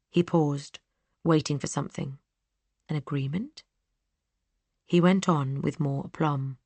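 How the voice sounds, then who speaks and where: A woman narrating a first-person audiobook in a measured, even storytelling manner. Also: deep voice, dry recording.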